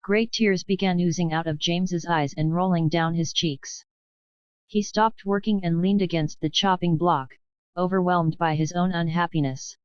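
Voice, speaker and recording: A woman narrating a children's audiobook in a measured, expressive reading. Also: lowish voice, clean tone, no room sound, dull audio. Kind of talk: scripted storybook narration.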